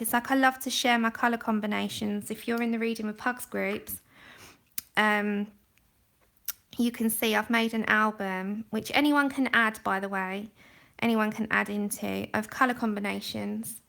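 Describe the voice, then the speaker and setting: A woman's voice: on the high side, vocal fry, fairly bright tone. A woman from London with a London accent, chatting casually and rambling a little as she colours on a livestream. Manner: chatty, rambling, laughs often. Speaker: livestream host. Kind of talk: casual chat while colouring. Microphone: phone.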